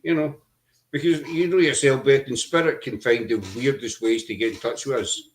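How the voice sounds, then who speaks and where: A man's voice: medium pitch, steady tone. Middle aged guy on a video call, earnest, lots of ums and restarts. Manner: earnest storytelling, halting with fillers. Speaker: podcast host. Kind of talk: casual chat.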